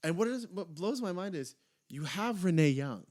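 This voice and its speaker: A young man co-hosting a casual wrestling podcast, excitable, his voice jumping up when he retells funny moments. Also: sits high, normal speed. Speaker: podcast co-host. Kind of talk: casual chat.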